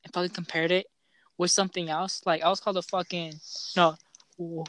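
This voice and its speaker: A man's voice: high-pitched, flat delivery, brisk, a bit bright. A young man who stutters, hosting a casual chat and telling profane, laughing stories full of fillers. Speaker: podcast host.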